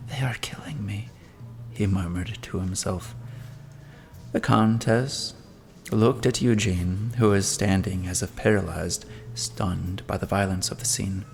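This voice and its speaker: A man narrating a classic novel as an audiobook in a measured, dramatic storytelling manner. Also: low-pitched, steady tone, vocal fry, darkish tone, soft background music.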